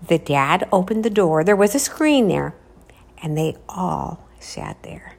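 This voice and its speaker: A woman telling a spooky story casually while out walking, dropping to a hushed whisper at the tense parts. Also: lowish voice, sing-song, slow pace, creaky. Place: outdoors, walking.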